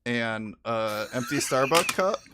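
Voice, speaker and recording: A man's voice: medium pitch, animated, noisy background. A young man co-hosting a gaming podcast, cracking crude jokes and stumbling through his sentences. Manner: crude, joking, halting with fillers. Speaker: podcast co-host. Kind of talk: casual podcast banter.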